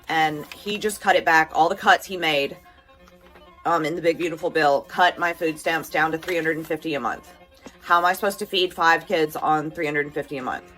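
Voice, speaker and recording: A woman's voice: low-pitched, a bit bright, low-quality recording. A woman voicing an earnest, rambling mother of five who complains about losing her food stamps, as a comedic impression.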